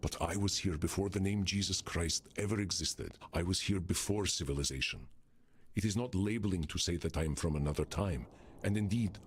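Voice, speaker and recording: A man's voice: deep voice, fairly quick, breathy edge, no echo. An actor playing an ancient, stiff and regal male vampire therapist who speaks in formal, solemn phrases in game dialogue. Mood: grave.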